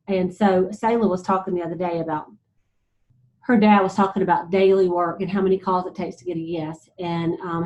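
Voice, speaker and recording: A woman leading a motivational sales team talk, chatty and animated, retelling stories with lots of "you know"s. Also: medium pitch. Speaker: sales director speaking to her team. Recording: slightly dull lo-fi sound.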